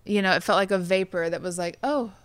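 A woman's voice: lowish voice, flat delivery, fast, smooth, dry recording. A woman in her thirties telling a personal story in a casual interview, earnest and full of fillers. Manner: chatty, many "like" fillers, earnest. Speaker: songwriter guest.

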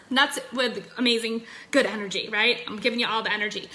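A woman's voice: on the high side, fast talker, bright, forceful tone. A young adult woman giving a chatty, upbeat sales coaching talk into her phone, full of fillers. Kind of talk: casual livestream coaching talk.

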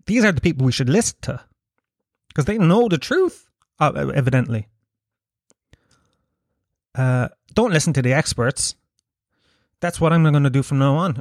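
A man's voice: on the high side, no echo, clean studio sound. A man with an Irish accent hosting a casual solo podcast, rambling, jokey and full of swearing. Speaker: podcast host.

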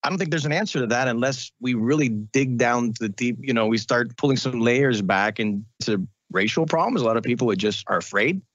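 A man who is a radio and podcast host, talking casually in an interview and telling animated stories. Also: mid-range voice, a little fast, hardly any pauses, no room sound, highs cut off. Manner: animated storytelling, mimics relatives.

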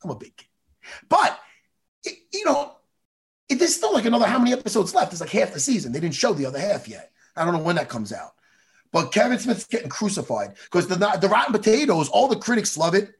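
A man co-hosting a casual chat show, ranting excitably and swearing a lot. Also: high voice, a little fast. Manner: animated profane ranting, excitable. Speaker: podcast co-host.

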